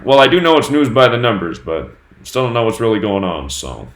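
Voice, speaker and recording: A man hosting his own news channel, talking on his own through dates and number sums in a steady, running commentary. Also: lowish voice, normal speed, roomy sound. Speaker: host of a numerology news channel.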